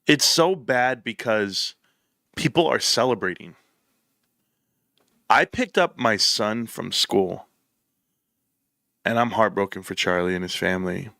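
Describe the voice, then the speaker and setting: A man's voice: lowish voice, measured pace, vocal fry, pauses often, pushed and bright, no echo, clean studio sound. A man hosting his own political commentary show, speaking with impassioned, emphatic feeling and repeating phrases as he builds up. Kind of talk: opinionated commentary. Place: room set up for the show.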